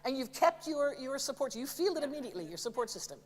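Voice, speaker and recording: A woman's voice: high-pitched, fast, in a large hall, a loud crowd. A woman voice teacher giving a masterclass, chatty and demonstrative, often breaking into sung examples with some apologetic humor. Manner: lively, demonstrative, sings examples between remarks. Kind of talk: masterclass coaching. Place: theater stage.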